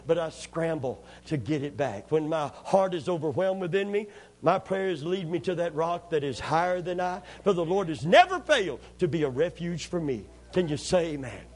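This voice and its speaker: A man preaching a sermon, telling stories in a folksy, humorous way and prompting the congregation to answer back. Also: on the high side. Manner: lively storytelling, asks the congregation to answer. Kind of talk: sermon with call and response.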